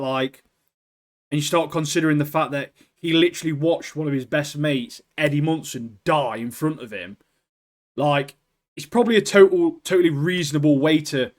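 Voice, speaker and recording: A young British man co-hosting a podcast, chatting casually and excitedly, swearing and calling his friend "mate" constantly. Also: fairly high pitch, moderate pace. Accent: British English. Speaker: podcast co-host. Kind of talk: casual chat.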